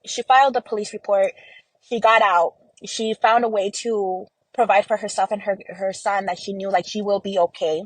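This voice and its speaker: A woman's voice: medium pitch, a little mellow, no echo, low-quality recording. Chatty woman telling a personal story. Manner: chatty, heavy on "like" and "you know", emotional. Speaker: interview guest. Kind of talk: casual personal interview.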